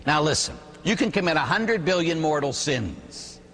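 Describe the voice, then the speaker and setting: A Catholic priest giving an animated sermon, telling stories and asking rhetorical questions. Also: male voice, a little high, normal speed, long reverb tail.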